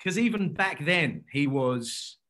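A man's voice: on the high side, lively intonation, a bit bright. A man chatting casually as a guest, rambling through a story with frequent restarts and laughs. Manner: rambling, self-interrupting, quick to laugh. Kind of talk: casual anecdotal chat.

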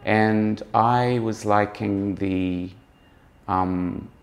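A man's voice: lowish voice, steady tone, extremely slow, slight background noise. A man speaking as a fashion critic in a conversational interview, musing and often circling back to rephrase his points.

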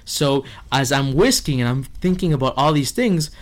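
Man, chef guest, lively storyteller who acts out voices and laughs a lot; middle pitch, casual podcast chat. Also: moderate pace. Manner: animated storyteller, acts out others' lines, laughs often.

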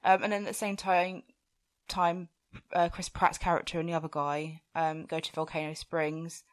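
Woman, podcast co-host, casual giggly chat, swears, lowish voice. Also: little pitch movement, normal speed. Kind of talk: casual film recap chat.

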